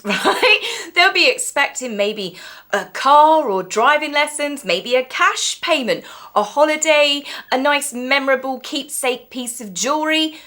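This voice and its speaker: A woman's voice: high-pitched, bright, forceful tone. A woman giving mocking, gossipy commentary on the royals as a vlog host. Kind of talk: sarcastic commentary.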